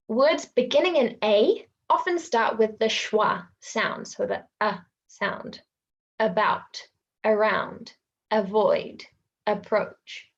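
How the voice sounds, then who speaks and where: In an online webinar, a New Zealand-accented woman with a gravelly mid-range voice teaches English pronunciation, patiently repeating words for learners to copy. The sound is lo-fi.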